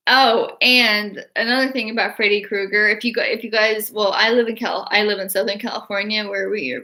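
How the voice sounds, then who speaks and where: A young woman chatting excitedly in a casual livestream, rambling with restarts and laughter. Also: medium pitch. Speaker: artist and horror-fan vlogger.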